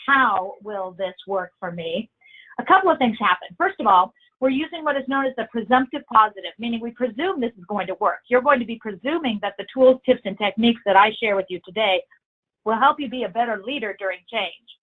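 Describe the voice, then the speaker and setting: A woman with a fairly high voice leads a corporate training webinar. She talks in an emphatic, encouraging way and leans on her key phrases, repeating them. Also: fairly bright tone, rough recording. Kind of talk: webinar presentation.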